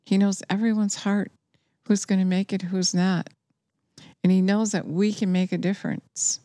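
A woman's voice: medium pitch, level tone, normal speed, mellow, no echo, clean studio sound. A woman preaching a sermon, earnest and urgent, telling listeners what she says she has heard and urging them to act.

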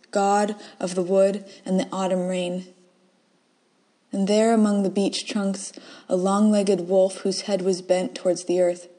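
A woman reading her own first-person short story aloud, soft and measured, dropping to whispers in quiet moments. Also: medium pitch.

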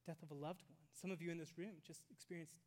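A pastor preaching a sermon to a congregation, swinging between loud emphasis and hushed near-whispers and asking rhetorical questions. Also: medium pitch, steady tone, quick pace. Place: church sanctuary with congregation.

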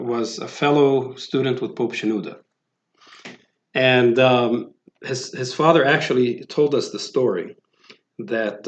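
A man giving a sermon, talking in a conversational way with many fillers and restarts. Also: mid-range voice. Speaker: preacher. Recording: roomy, dull lo-fi sound.

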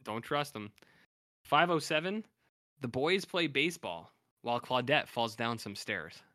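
A man's voice: mid-range voice, expressive, unhurried, sharp tone, dry recording, studio quality. A man hosting a podcast, casually recapping episodes in a rambling, self-correcting way with some profanity. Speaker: podcast host.

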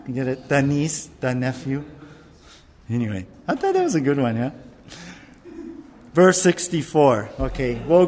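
A man, a pastor, preaching a sermon in an animated storytelling way, with jokes and acted-out bits. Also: medium pitch, a little slow, a little hiss or hum.

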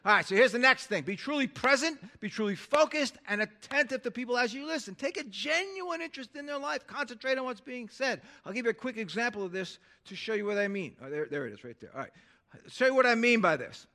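A man preaching a sermon in a high, bright voice. He drops to near-hushed passages and then bursts up loud, stirring the room with calls for an amen. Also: fast talker. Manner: animated, swinging from hushed to loud; calls for amens from the crowd. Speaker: pastor.

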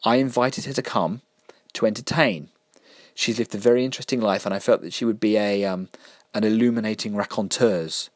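A man reading a story aloud, voicing a flustered, defensive older gentleman who stammers and snaps back. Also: on the low side, fairly quick, no room sound, clean studio sound, lightly acted. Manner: pleading then indignant, stammering.

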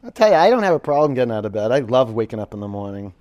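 A man's voice: medium pitch, sing-song, racing, a little mellow, highs cut off. Chatty man leading a yoga class. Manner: chatty, joking asides between cues. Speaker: yoga instructor. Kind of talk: live yoga class instruction.

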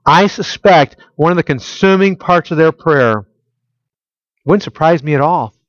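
Guy preaching a sermon, kinda high voice, keeps asking the crowd questions, dry muffled sound. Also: dry recording. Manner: asks the audience rhetorical questions; swings between loud and hushed, intimate tones. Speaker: pastor.

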